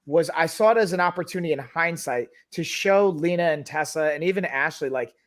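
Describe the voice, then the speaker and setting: A man's voice: fairly high pitch, brisk. A man hosting a casual podcast, telling a personal story in a rambling way full of "like" and frequent restarts. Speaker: podcast host.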